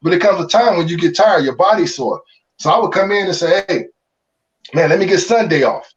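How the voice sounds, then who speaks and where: A middle-aged man from Chicago tells his baseball story in a loose, animated, slangy way, often restarting his sentences. His voice sits a bit high for a man. The recording sounds muffled and a little far from the mic. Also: fairly quick. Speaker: former pro baseball player, guest. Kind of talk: candid interview storytelling.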